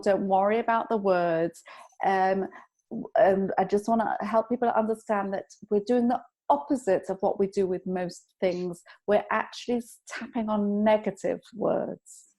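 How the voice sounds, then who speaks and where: A woman guest on a podcast, calmly explaining a self-help technique and telling anecdotes in an instructive way. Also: mid-range voice. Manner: calm, instructive, tells anecdotes. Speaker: EFT tapping practitioner, guest. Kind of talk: explaining in an interview.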